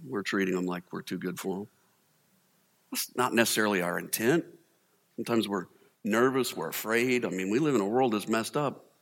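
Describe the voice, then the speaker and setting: A man's voice: fairly low pitch, normal speed, a bit bright. Man preaching in a reverberant hall. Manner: humorous, conversational preaching with acted quotes. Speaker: pastor. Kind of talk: sermon.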